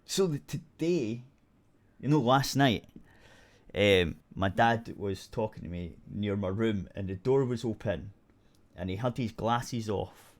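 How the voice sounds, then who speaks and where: A Scottish man hosts an internet radio show, telling a story in loose, rambling casual chat. He swears freely and restarts his sentences often. His voice sits low. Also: a little slow.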